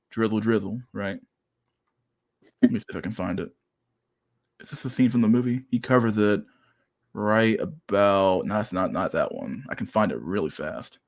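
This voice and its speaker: A man's voice: fairly low pitch, measured pace, long pauses. A man hosting a casual reaction stream at a desk mic, swearing and laughing in disbelief. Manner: profane, laughing, incredulous. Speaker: streamer host. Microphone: desk microphone.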